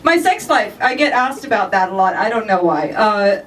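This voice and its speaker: A young woman performing a stand-up set in a dry, halting way, with many ums between the jokes. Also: medium pitch, sing-song. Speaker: stand-up comedian. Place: live comedy stage in a garage studio. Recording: far from the mic, with a loud audience laughing. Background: audience laughter.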